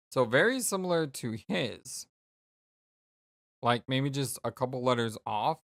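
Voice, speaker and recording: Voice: medium pitch, lively intonation, a little slow, gravelly, pauses often, dry recording, studio quality. A let's play host giving casual game commentary with muttered, reactive asides.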